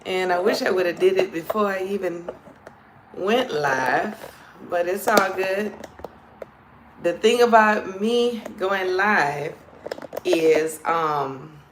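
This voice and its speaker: A woman's voice: fairly low pitch, slow pace, pauses often, roomy sound, background noise. A woman with a New Orleans accent, chatting casually and playfully with viewers on a live stream as a comedian host. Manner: chatty, playful, calls viewers "girl" and "child".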